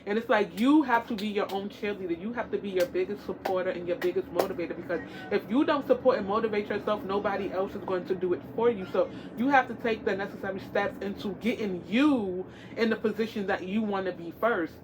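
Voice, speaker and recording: A woman's voice: medium pitch, fairly quick, hardly any pauses, background noise. A woman talking casually to the camera as a tarot-reading vlogger, encouraging and repetitive, with many fillers.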